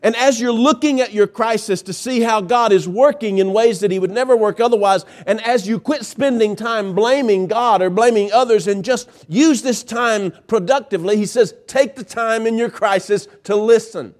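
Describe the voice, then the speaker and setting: A male pastor preaching a sermon, emphatic, with dramatic pauses and swings in pitch.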